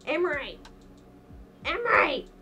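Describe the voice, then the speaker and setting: A woman's voice: high voice, very animated, unhurried, noisy background. A young woman vlogger chatting casually to camera in a self-mocking way. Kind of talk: casual vlog chat.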